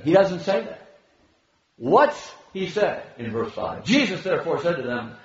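A man preaching an expository sermon, acting out the scripture dialogue with lively shifts in voice. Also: moderate pace, distant mic. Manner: animated, acts out the biblical dialogue with shifting pitch. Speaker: pastor. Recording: very echoey, muffled hall recording.

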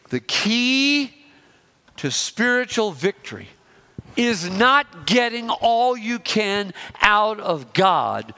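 Emphatic preaching man, bright and lively. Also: high voice. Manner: emphatic, slows and rises on key phrases. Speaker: pastor. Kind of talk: sermon.

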